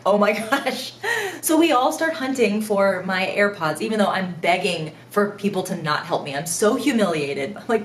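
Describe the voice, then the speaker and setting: A woman's voice: medium pitch, brisk, echoey room, slight background noise. Woman telling a laughing storytime. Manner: animated, self-mocking storytelling with frequent laughs. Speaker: vlogger. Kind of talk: storytime vlog.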